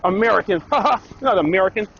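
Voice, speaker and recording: Man, high pitch, defiant and insistent, muffled lo-fi street clip. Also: animated, normal speed, creaky, fairly bright tone. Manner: defiant, insistent, repeating phrases. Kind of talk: heated confrontation caught on camera. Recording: dull, lo-fi clip with faint background noise.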